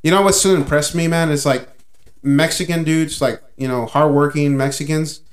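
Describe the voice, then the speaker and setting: A man's voice: a little high, fairly even intonation, moderate pace. A man hosting a casual podcast chat in an easygoing way, filling his talk with "man" and "you know". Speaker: podcast host.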